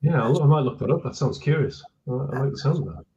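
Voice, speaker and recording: A man's voice: mid-range voice, lively intonation, fast talker, mellow. A man joins a casual online chat as co-host, sounding easygoing and agreeable. He repeats words as he works out what to say. His voice comes through a dull, lo-fi connection.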